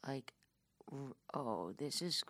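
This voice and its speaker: A woman's voice: a bass voice, lively intonation, takes it slowly, a bit bright, no room sound. A woman in her twenties, a comedian hosting a casual chat, telling self-deprecating stories and acting out the voices in them. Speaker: comedian and podcast host.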